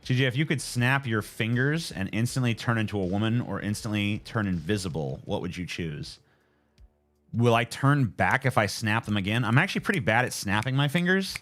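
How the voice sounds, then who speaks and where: A man's voice: lowish voice, animated, a little fast, a bit bright, faint music behind. A man in his twenties chatting casually on a live stream, joking and swearing as he answers viewers. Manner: joking, profane, laid-back.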